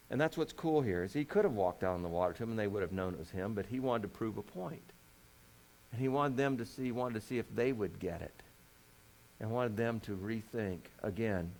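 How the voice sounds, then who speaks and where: Folksy joking man preaching a sermon. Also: medium pitch. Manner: folksy, joking, full of rhetorical questions. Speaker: pastor. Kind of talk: conversational sermon.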